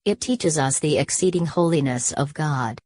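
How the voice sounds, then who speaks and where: A woman reading an old Bible commentary aloud in a measured, even way. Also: low-pitched, no room sound.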